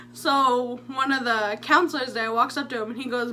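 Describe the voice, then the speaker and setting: A young woman with a high, bright voice tells stories in a chatty, jokey way. She sounds animated and playful and talks straight to her viewers. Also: measured pace, pauses often. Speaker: vlogger. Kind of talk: story time vlog.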